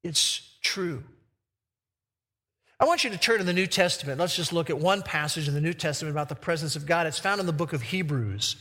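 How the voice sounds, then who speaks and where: A man preaching a sermon who reads scripture slowly and with emphasis. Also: on the high side, animated, sharp tone, long reverb tail. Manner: slow, emphatic verse reading.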